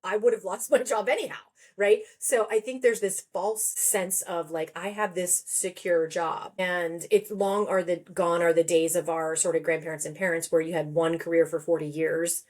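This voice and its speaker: A woman in her forties with a slightly low voice tells her story as a podcast guest. She talks in a relaxed, chatty way. She slips into quoted voices as she goes. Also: moderate pace, few pauses. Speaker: guest, therapist and author. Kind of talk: conversational podcast interview.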